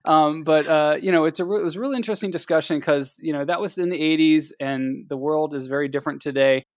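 A man's voice: a little high, fast talker, dry recording, clean studio sound. A man from Ohio co-hosting a podcast, chatting casually with lots of fillers and restarts. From Ohio, USA. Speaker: podcast co-host. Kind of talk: casual chat.

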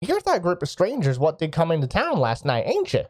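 A woman voicing an eccentric older male mage who is loud and eager, with a rustic way of talking. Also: low voice, huge pitch swings, fairly quick, full character voice. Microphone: voice chat microphone.

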